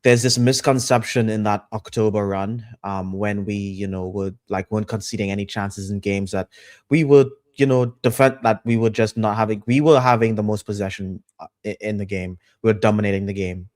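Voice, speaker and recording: A man's voice: fairly low pitch, flat delivery, brisk, darkish tone, dry recording, studio quality. A man on a podcast panel, talking football in a casual, emphatic way, repeating his points with lots of fillers.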